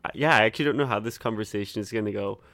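A man's voice: fairly low pitch, racing, vocal fry, sharp tone, dry recording. Young male podcast co-host; chatty, giggly, casual swearing; dry close mic. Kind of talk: casual chat.

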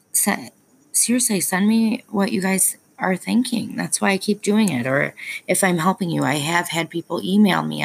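A woman's voice: low-pitched, vocal fry, slight background noise, low-quality recording. A young woman, a parent, talking candidly to her viewers in a rambling vlog, with plenty of ums and self-aware asides. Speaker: parent vlogger.

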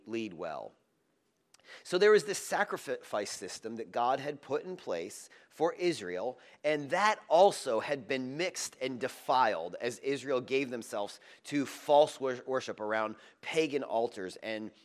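A man preaching a sermon, moving between loud, emphatic lines and soft, hushed passages. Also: medium pitch. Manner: dramatic, swinging from loud emphasis to hushed tenderness. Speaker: pastor.

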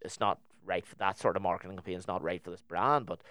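A man's voice: sits low, fast talker, a bit bright, clear, resonant tone, no echo, clean studio sound. A young man with a Northern Irish accent, telling a story in casual chat on a podcast and acting out both sides of the conversation.

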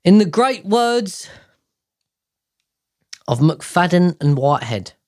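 Speaking into a podcast mic, a man in his 30s runs a casual solo podcast, cursing, wandering off topic and sounding exasperated. His voice is high and slow, a little mellow, with big swings in pitch.

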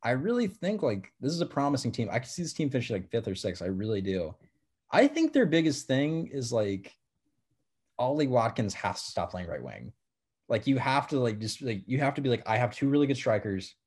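An American man co-hosting a sports podcast, talking excitedly and filling nearly every phrase with "like". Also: medium pitch, fairly quick, breathy edge. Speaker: podcast co-host. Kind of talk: casual sports chat.

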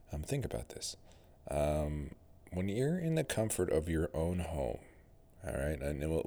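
A podcast host with a General American accent rambles through a casual solo monologue in a deep bass voice with a darkish tone. He muses aloud, filling the talk with fillers and restarts.

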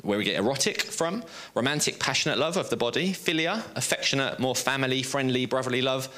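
A man preaching a sermon on a stage before an audience, lively and joking at his own expense. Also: mid-range voice, brisk. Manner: lively, joking, self-deprecating storyteller.

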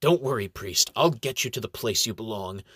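A man's voice: lowish voice, lively intonation, normal speed, bright, forceful tone, husky, no room sound, heavily acted. Man doing a brusque, arrogant ranger. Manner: brusque, dismissive. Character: tall muscular male ranger, arrogant and impatient.

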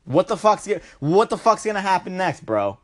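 A young man ranting in a profane comedic vlog, loud and riled up, swearing and tacking on "bro" at the end of his lines. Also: sits high, very animated, moderate pace. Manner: riled up, climbing into yelling at peaks.

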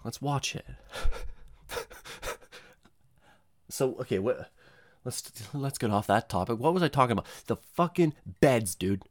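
A young man doing a rambling, profane comedic monologue, often jumping into high-pitched voices for the people he quotes. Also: animated, slow, long pauses, dry recording, clean studio sound.

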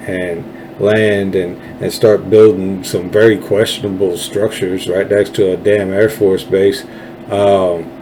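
On his own political commentary show, a man from Texas delivers an angry, sarcastic, swear-laden solo rant. He has a fairly low, dark voice, and the poor audio carries a slight hiss or hum.

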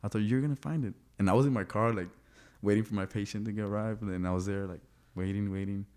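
A young man with a very low, mellow voice chats casually and tells a story with animation. He laughs often and puts on the voices of the people in it. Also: fairly even intonation, fast talker.

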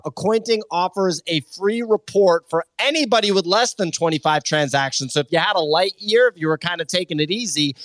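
A man hosting a podcast, with a voice a little higher than most men's. He moves between a sponsor read and loose banter at a relaxed, steady pace. The mic is dry and close. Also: no echo. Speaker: host. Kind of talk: podcast host reading a sponsor spot.

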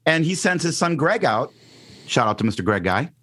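Very animated, bright and forceful, the mid-range voice of a middle-aged radio DJ from Northwest Indiana in the Chicago area carries his story at normal speed. Interviewed casually as a guest, he acts out quotes, full of ums and restarts.

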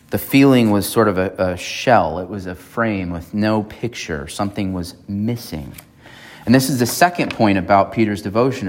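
A man, a pastor, preaching a sermon in a conversational way and often checking in with his congregation. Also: on the low side. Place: church.

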